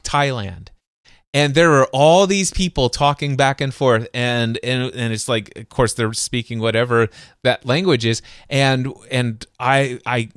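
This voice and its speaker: This mid-range, clean male voice belongs to a podcast host whose storytelling is lively and conversational, complete with acted-out voices and sound effects. Restarts and stumbles are frequent, and the studio sound is clean with no room noise.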